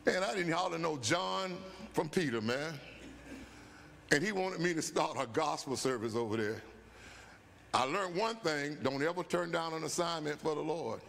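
A man in his seventies, a bishop, telling a folksy, animated story at a Bible study, often saying "man" and "guess what.". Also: on the high side, normal speed, creaky, slight background noise. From USA. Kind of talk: storytelling sermon. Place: church sanctuary. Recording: church hall with long reverb.

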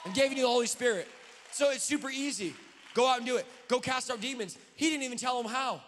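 High-voiced fervent male preacher in a reverberant hall. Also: quick pace, a little hiss or hum. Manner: fervent, often shouting. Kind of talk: sermon. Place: church sanctuary.

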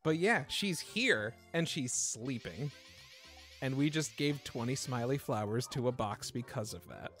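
A man's voice: mid-range voice, expressive, a little slow, a bit bright, faint music behind. A man hosting a casual let's-play, joking and laughing, often stumbling over his words. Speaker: gaming channel host.

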